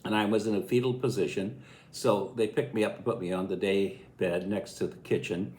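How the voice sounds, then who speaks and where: A man's voice: fairly low pitch, steady tone, brisk, darkish tone. A man in his eighties from Illinois, telling a childhood story in a folksy, chuckling way. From Illinois, USA. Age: 80s. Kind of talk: casual spoken memoir. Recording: echoey room.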